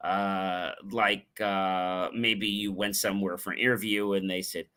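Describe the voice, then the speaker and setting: Bright-voiced energetic male talk host. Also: low voice, measured pace, few pauses. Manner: energetic, repeats phrases for emphasis, acts out example tones. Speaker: show host. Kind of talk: motivational talk show.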